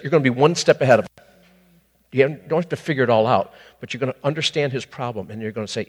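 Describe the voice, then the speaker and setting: A man ministering to a couple in a conversational, animated preaching style, with sudden high exclamations. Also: quick pace, husky, big-room sound.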